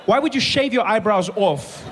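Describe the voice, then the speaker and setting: A man's voice: sits high, animated, normal speed, long reverb tail, noisy background. A man doing stand-up comedy, telling stories animatedly and asking rhetorical questions. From South Africa. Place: comedy stage before a live audience.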